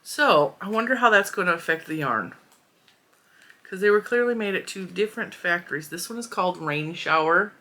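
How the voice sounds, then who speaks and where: Chatty woman with a low, bright voice. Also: normal speed. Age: 40s. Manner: chatty, candid, playfully blunt. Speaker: yarn review host. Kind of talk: casual review vlog.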